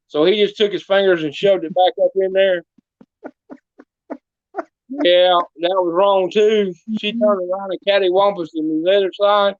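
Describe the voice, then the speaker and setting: The man's voice sits high and holds a steady tone, moving a little slowly, with no echo and dull audio. He plays a folksy small-town mayor telling comic tall tales in a podcast interview, giving voices to the people in them.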